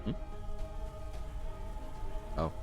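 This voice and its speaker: A man's voice: drawn-out words, over music. A young man streaming a game, talking in a tired, rambling way full of fillers and casual swearing. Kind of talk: casual gameplay commentary.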